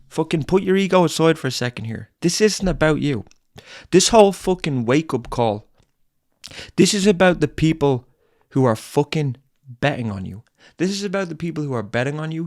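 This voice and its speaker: A man with a fairly high voice rants at his listeners in an angry tough-love monologue. He swears constantly, hammers the same lines again and again, and lectures hard. The sound is close and dry, with no room echo. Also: darkish tone. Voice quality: blunt, heavy swearing, repetitive. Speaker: podcast host.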